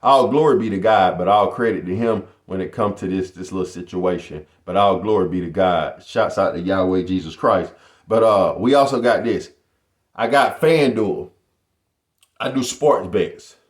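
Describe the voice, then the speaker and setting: With a deep voice at normal speed and a roomy sound, this middle-aged YouTuber addresses his audience casually as "y'all" again and again. His vlog tone is boastful and motivational.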